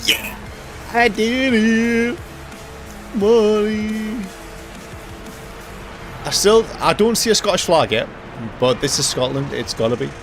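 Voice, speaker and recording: A young man streaming a racing game live, joking and talking to himself with excitable reactions. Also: high-pitched, slow, long pauses. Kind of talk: live gaming commentary. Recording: loud game music behind voice. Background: racing game music and engine sounds.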